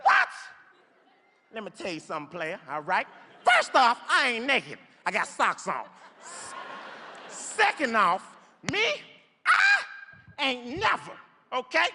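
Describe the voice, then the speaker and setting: A man's voice: very high-pitched, wildly swooping pitch, takes it slowly, long pauses, full character voice. A comedian acting out a brash, insistent half-naked street man who begs for money. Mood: indignant. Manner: loud, insistent, repetitive hustling. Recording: echoey theater stage.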